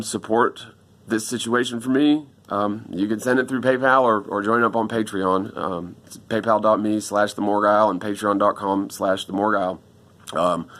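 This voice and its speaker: Upset rambling man with a bright voice. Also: medium pitch. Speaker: vlogger asking viewers for help. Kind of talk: casual video monologue. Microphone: phone camera.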